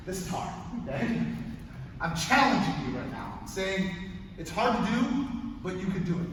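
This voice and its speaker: High-voiced man coaching in an echoey hall. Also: moderate pace. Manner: energetic, barking counts and kiai shouts, joking asides. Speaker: martial arts instructor. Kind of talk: coaching a martial arts class. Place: large indoor training hall. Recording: echoey hall, mic far off, noisy.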